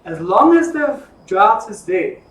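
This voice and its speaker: A man teaching an informal Bible study, telling the stories in a lively, jokey way. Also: sits high, unhurried. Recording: echoey room from far off.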